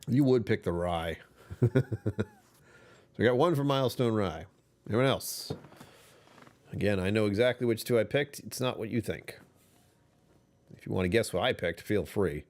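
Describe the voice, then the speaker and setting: A man with a rumbly, somewhat low voice talks casually to his livestream audience. He sounds worn out and tired, yet keeps joking and laughing as he chats. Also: normal speed, long pauses, a little mellow. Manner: chatty, joking, often laughing. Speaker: livestream host.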